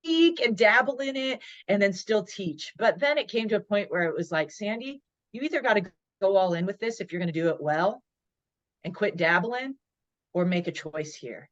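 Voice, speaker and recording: Telling a story in an interview, this motivational speaker in her forties, on a podcast as a guest, speaks with fairly low pitch and animatedly voices her inner thoughts. The recording's high frequencies are cut off.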